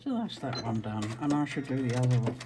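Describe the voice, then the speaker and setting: A man's voice: mid-range voice, big pitch swings, quick pace, very noisy. A man from South Essex with an Essex accent, chatting casually and rambling a little while he demonstrates quilting. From South Essex, England. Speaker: quilting tutor.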